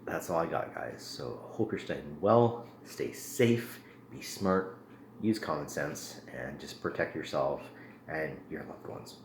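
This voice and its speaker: A man chatting casually through a beer review, relaxed and rambling with many ums and uhs. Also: extremely low pitch, takes it slowly. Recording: echoey room with faint ambient noise.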